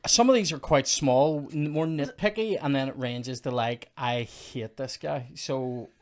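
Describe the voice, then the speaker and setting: A man's voice: a little high, expressive, moderate pace. A man hosting a comedy podcast, ranting in mock outrage and casual chat about a film.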